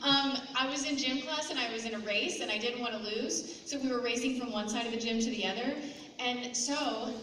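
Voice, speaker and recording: A woman's voice: fairly high pitch, brisk, sharp tone, slight background noise. A woman chatting at a fan panel, giggly and self-deprecating. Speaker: convention panel guest. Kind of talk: casual chat at a fan panel. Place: large convention hall with audience. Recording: echoey hall, far mic, crowd.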